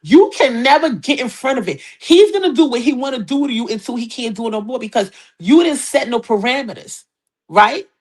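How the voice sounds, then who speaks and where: A middle-aged woman hosting a hip hop gossip show, brash, profane and animated, talking straight to viewers. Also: on the high side, brisk, breathy edge. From New York City, Queens. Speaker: podcast host.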